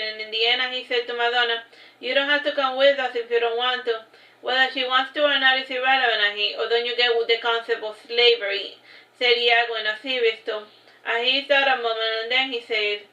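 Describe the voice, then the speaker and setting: A woman with a bright, fairly high voice reads a novel aloud in a steady, even tone, stopping now and then for offhand remarks. The sound is roomy and a little dull, like lo-fi stream audio. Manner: reads straight on, adding casual asides. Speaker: narrator reading her own book. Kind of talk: livestream read-aloud of a novel.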